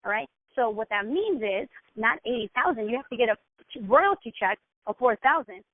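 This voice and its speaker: Woman, fairly high voice, direct coaching tone, keeps asking okay, thin phone-call sound, dry. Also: expressive, normal speed, no room sound. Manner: direct, peppers points with "okay?". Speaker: team mentor trainer. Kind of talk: coaching instruction.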